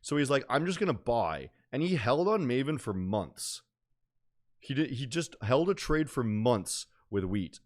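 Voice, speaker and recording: A man's voice: mid-range voice, sing-song, measured pace. A young man streaming about day trading in casual chat, rambling with lots of fillers and slang.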